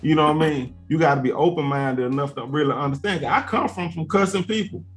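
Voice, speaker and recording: A man's voice: on the high side, quick pace, faint music behind. Laid-back man spinning a long story. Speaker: host. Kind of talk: casual chat, storytelling.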